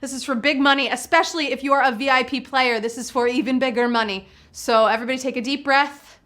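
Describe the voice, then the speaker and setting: Bubbly high-voiced woman hosting trivia. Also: fairly even intonation, quick pace, fairly bright tone. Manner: exuberant, playful, joking with players. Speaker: trivia game show host. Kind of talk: live trivia game show hosting.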